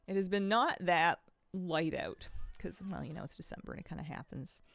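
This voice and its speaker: A woman's voice: lowish voice, normal speed, creaky, no echo, faint music behind. A woman from the Pacific Northwest streaming a game, chatting casually and rambling, with a slight lisp and frequent sighs. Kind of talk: casual chat while gaming.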